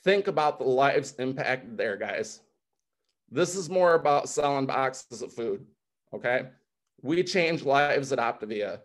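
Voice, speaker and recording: A man's voice: medium pitch, animated, a little slow. A man in his forties giving an emotional, fired-up motivational testimony on a video call, choked up at times. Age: 40s. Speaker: guest speaker.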